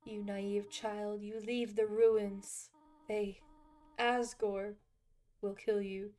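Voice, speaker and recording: A woman reading aloud the lines of a gentle, motherly female goat monster from a video game, in a soft, measured, solemn way. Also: medium pitch, flat delivery. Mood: grave.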